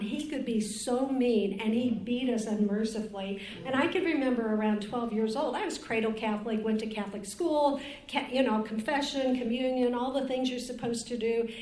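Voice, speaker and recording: This older woman from Cleveland, Ohio, has a fairly high, mellow voice, with a little hiss or hum on the recording. She gives a frank, rambling personal testimony on a recovery panel, recorded in a roomy conference room at a retreat.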